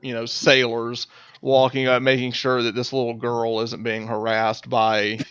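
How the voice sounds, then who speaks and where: A man's voice: medium pitch, completely flat delivery, measured pace, a bit bright, smooth. A man running a tabletop game as game master, talking casually with many fillers and repeated words. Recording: dull lo-fi audio, dry.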